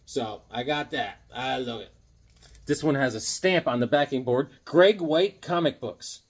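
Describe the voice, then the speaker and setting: A man's voice: mid-range voice, normal speed. A man in his seventies chatting casually and enthusiastically while showing off his haul of old comic books, rambling and joking as he goes. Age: 70s. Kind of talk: casual haul video chat.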